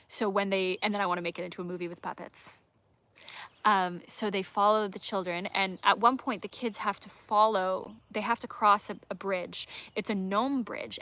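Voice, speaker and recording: Rambling, excitable woman creator. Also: medium pitch. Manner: rambling and enthusiastic, with many fillers. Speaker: creator and musical theater teacher. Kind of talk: casual chat.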